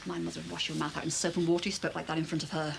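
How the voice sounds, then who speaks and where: A woman's voice: deep voice, flat delivery, racing, vocal fry, a little hiss or hum. An actress playing a devout, indignant middle-aged mother, in a soap opera.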